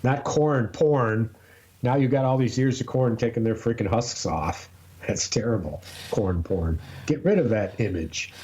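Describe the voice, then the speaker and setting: A man's voice: mid-range voice, measured pace, mellow, dull audio. A man co-hosting a podcast in casual chat, tossing in playful, jokey interjections. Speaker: podcast co-host.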